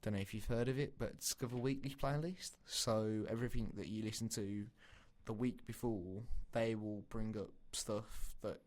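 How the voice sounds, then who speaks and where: Young brummie guy chatting on a podcast, fairly low voice. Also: steady tone, normal speed, few pauses, darkish tone. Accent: Birmingham English. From Birmingham, England. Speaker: podcast co-host. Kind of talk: casual chat.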